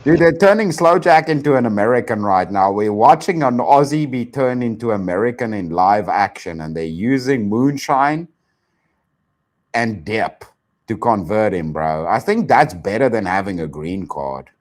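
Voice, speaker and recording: A man's voice: on the low side, animated, moderate pace. A South African man hosting a reaction show, joking and laughing in loose casual commentary. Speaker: host.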